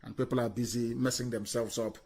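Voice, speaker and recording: A man giving an impassioned political speech on a live broadcast, scornful and fiery, swinging from loud declarations to low muttering. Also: fairly even intonation, fairly quick, breathy edge. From Nigeria. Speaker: activist leader on a live broadcast.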